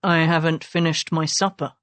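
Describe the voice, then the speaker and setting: A woman voicing a blunt, self-made Regency husband who speaks low and soft with dry command, in an audiobook. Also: flat delivery, moderate pace, no echo, natural voice.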